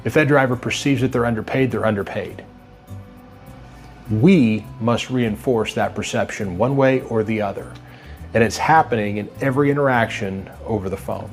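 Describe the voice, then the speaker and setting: Steady instructive man, faint music behind. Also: on the low side, moderate pace. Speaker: trucking industry speaker. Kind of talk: scripted motivational talk.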